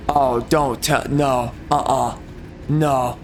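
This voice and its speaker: A man's voice: on the high side, slow pace, a little hiss or hum. A young man giving casual game commentary, complaining with frustration and stammering restarts. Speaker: gamer.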